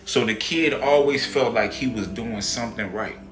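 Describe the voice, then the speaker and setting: A man's voice: mid-range voice, moderate pace, fairly bright tone, echoey room, soft background music. A man narrating a moral story in a casual, conversational way.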